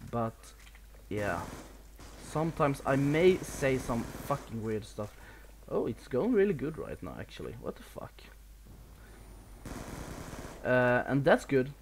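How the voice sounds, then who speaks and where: A man's voice: medium pitch, slight background noise. A man from Sweden with a Swedish accent, giving casual live commentary over a video game while he plays, a bit nervous, swearing and laughing at himself. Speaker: gameplay commentator.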